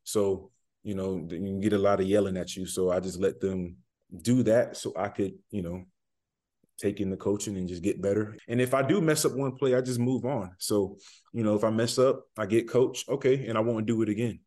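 A man's voice: on the low side, fairly even intonation, brisk, dark tone. A young man, a college football player, answering interview questions casually, with many fillers and restarts. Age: young adult.

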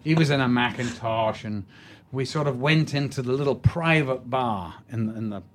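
An older man from England, a guest in an interview, spinning stories with lots of animation. His voice sits at a middling pitch and he talks in a relaxed, unhurried way. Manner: animated storyteller, acts out quotes. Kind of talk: anecdotal interview chat.

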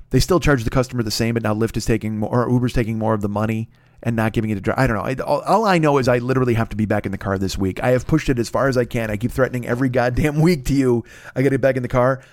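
A man's voice: medium pitch, a little mellow, dry recording. A middle-aged man hosting a podcast, ranting in a profane, exasperated comedic way. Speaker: podcast host. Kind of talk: comedic rant.

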